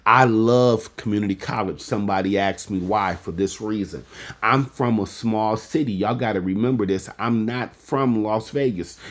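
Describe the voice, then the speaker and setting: A man in his fifties giving a motivational speech with a preacher's cadence, peppering his talk with "amen" and speaking straight to the audience. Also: fairly low pitch.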